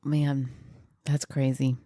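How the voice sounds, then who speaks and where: A woman's voice: extremely low pitch, flat delivery, slow pace, mellow. A woman from Kentucky, a podcast co-host, listening to her sister's story and reacting with short exclamations and questions. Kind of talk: casual chat.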